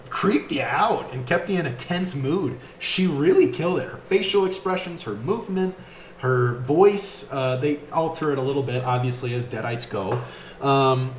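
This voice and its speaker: A man's voice: a little high, echoey room, slight background noise. Enthusiastic man reviewing a film. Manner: enthusiastic, animated fan talk with fillers. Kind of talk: casual video review.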